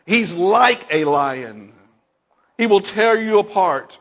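A man's voice: high-pitched, animated, takes it slowly, a bit bright, highs cut off. A male pastor preaching a sermon, emphatic and repeating key lines, chuckling between points.

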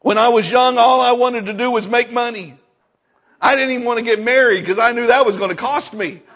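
A man's voice: very high voice, fairly quick, fairly bright tone, lo-fi sound. A male pastor preaching a sermon, emphatic and repeating key lines, chuckling between points.

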